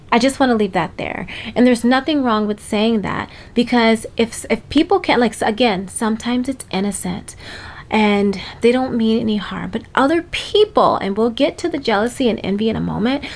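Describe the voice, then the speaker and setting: A young woman speaks straight to her audience in an encouraging motivational talk, her voice sitting a little high. She affirms and reassures by repeating herself, with light laughs between thoughts. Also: moderate pace, vocal fry. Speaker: motivational vlogger.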